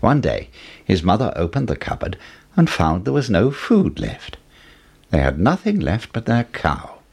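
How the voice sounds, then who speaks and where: A man reads a children's story aloud in a low, gravelly voice. He is husky and breathy. His pitch swings very widely as he tells it. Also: huge pitch swings, measured pace, a little mellow. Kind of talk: storybook reading.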